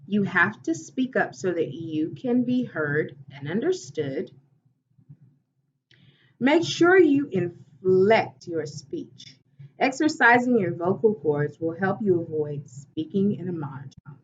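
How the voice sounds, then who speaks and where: A woman theatre teacher giving a lesson in a slow, deliberate, instructive way. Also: fairly low pitch. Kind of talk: recorded classroom lesson. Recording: dull, distant recording with faint hiss.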